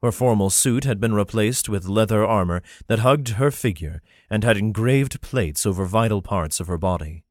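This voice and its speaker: A man narrating a fantasy novel in a steady, even storytelling manner. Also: lowish voice, normal speed, hardly any pauses, dry recording, studio quality. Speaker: audiobook narrator.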